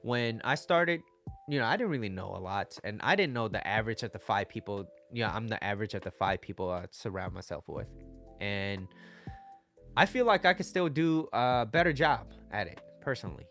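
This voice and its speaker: A man's voice: lowish voice, lively intonation, fairly quick, a bit bright, soft background music. A man coaching viewers on dating and relationships in a casual livestream, often checking in with "right?" and "okay?".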